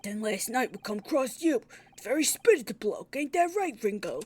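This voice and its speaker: A woman's voice: a little high, big pitch swings, brisk, a little mellow, breathy edge. A woman doing a swaggering cockney thief. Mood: boastful. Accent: put-on cockney. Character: cocky young male cockney thief.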